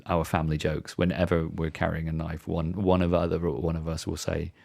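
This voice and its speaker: A man's voice: extremely low pitch, completely flat delivery, fairly quick, creaky, a little mellow. A man co-hosting a podcast in casual chat, retelling film scenes in a reflective, hesitant way. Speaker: podcast co-host.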